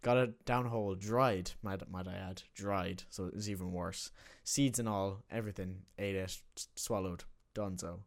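A man's voice: low voice, normal speed, creaky, hardly any pauses. Laughing young man telling a story. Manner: animated storytelling, laughing often. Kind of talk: casual chat.

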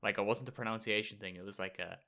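A young man in casual chat, explaining his points in a measured way. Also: lowish voice, steady tone, pushed and bright.

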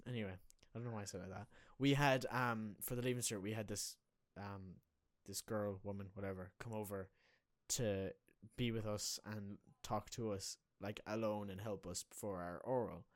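A man's voice: lowish voice, fairly even intonation, moderate pace, hardly any pauses, no room sound, clean studio sound. A young Irish man chatting casually, rambling and correcting himself as he tells a story. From Ireland. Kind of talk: casual chat.

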